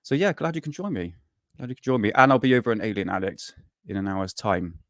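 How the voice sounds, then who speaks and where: A man's voice: fairly low pitch, fast talker, fairly bright tone, no echo, studio quality. A man hosting a casual live stream, rambling and swearing freely, worn out and burnt out, chatting to viewers. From United Kingdom.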